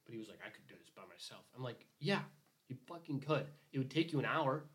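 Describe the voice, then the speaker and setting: A man's voice: medium pitch, lively intonation, quick pace, fairly bright tone. A young man in casual conversation, telling a work story in a rambling way. He swears freely and acts out what everyone said. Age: young adult. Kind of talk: casual chat.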